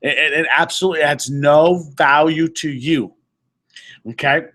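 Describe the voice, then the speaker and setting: A man's voice: fairly high pitch, steady tone, moderate pace, fairly bright tone. A man leading a group session as a motivational speaker, emphatic and repetitive, restating his points and sometimes stumbling over words. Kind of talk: motivational talk to a live audience.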